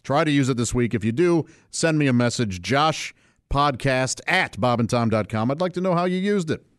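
A man's voice: mid-range voice, lively intonation, normal speed, dry recording, clean studio sound. A man hosting a casual solo podcast, chatty and rambling and laughing often. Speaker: podcast host.

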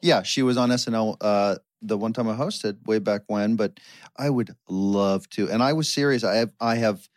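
Man, podcast co-host, low voice, deadpan humor, dry studio sound. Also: normal speed, dry recording. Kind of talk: casual chat.

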